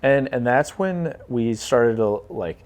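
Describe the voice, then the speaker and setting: Relaxed young man, rambling podcast talk. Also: medium pitch, takes it slowly. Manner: relaxed, rambling, swears casually. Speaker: co-founder and podcast co-host. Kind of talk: casual podcast chat.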